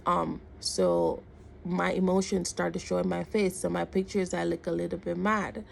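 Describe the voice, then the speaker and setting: A woman's voice: lowish voice, moderate pace, vocal fry, slight background noise. A woman vlogger animatedly retelling a story in casual storytime style, acting out the dialogue. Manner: animated retelling with quoted dialogue and repeated words.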